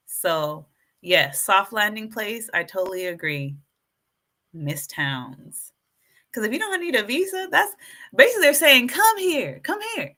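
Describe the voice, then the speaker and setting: A woman's voice: mid-range voice, a little slow. A woman hosting a casual live stream, addressing her viewers as folks and getting more and more fired up as she preaches. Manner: animated, preachy, hypes herself up. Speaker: YouTube live stream host.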